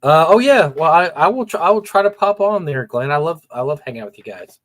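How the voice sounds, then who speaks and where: A man's voice: fairly high pitch, big pitch swings, fast talker, no room sound. A middle-aged man co-hosting a casual gaming livestream, blunt and opinionated, often repeating words as he talks. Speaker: podcast co-host.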